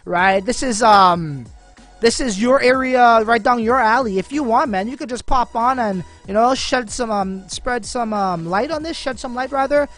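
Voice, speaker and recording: A man's voice: very high voice, normal speed, a bit bright. Male livestream host, loose and slangy, talks straight to viewers, faint music underneath. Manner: slangy, filler-heavy, addresses viewers as man and bro. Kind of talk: casual live-stream chat.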